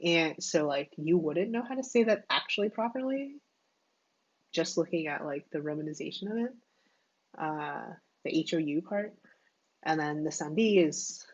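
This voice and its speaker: A woman's voice: deep voice, darkish tone, lo-fi sound, a little hiss or hum. A woman hosting a casual livestream, thinking aloud and chatting with lots of filler words. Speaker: livestream host. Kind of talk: casual livestream chat while coding. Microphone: wireless earbuds.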